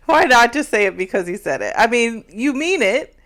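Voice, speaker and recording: A woman co-hosting a casual show recap, giving measured relationship advice. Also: fairly high pitch, animated, fairly bright tone. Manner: measured, gives advice, laughs along. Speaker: co-host.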